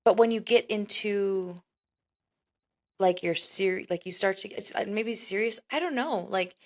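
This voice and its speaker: Casting: woman, 40s, podcast co-host, playful teasing banter, quick to laugh. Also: mid-range voice. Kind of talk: casual chat.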